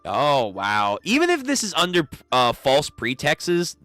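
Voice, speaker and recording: Brief: young male reactor, casual and profane, bright lively voice over faint music, dry sound. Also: fairly high pitch, unhurried, no room sound. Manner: joking, profane, laughs often. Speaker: reaction streamer.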